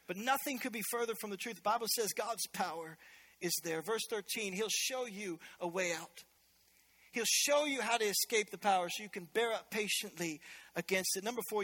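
A man preaching a sermon as pastor in a church, energetic and conversational, with joking asides. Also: high-pitched, a little fast.

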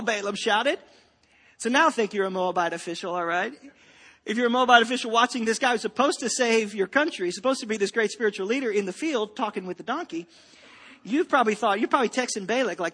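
A man's voice: very high voice, animated, a little fast, sharp tone, long reverb tail. A man preaching a sermon, telling a joke and a story with playful acted-out voices. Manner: joking storyteller, acts out voices. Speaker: pastor.

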